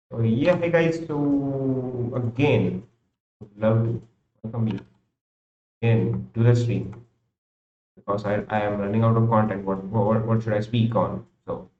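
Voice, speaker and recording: On a slightly dull, roomy home recording, a young Indian English-accented man talks loosely on a live stream while he works, rambling and often going back to repeat or restart sentences. His warm voice sits on the low side with fairly even intonation, and he takes it slowly, pausing often.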